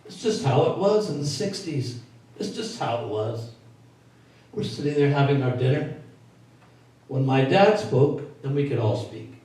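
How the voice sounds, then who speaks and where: A man in his sixties, an oldies singer and entertainer, telling animated, folksy stories to a live audience at a performance venue. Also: medium pitch, measured pace, long pauses. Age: 60s. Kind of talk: stage storytelling to a live audience. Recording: echoey hall, mic from far off.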